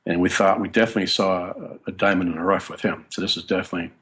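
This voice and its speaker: A man, a guest bassist, telling stories in a casual interview in a rambling, anecdotal way, often breaking off and restarting. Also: steady tone, very fast, fairly bright tone.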